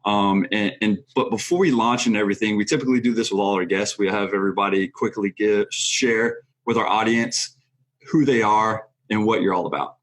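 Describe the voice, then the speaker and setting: A man's voice: on the low side, a little fast. A man hosting a podcast interview, talking loosely with many fillers and self-corrections. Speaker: podcast host. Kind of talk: casual interview.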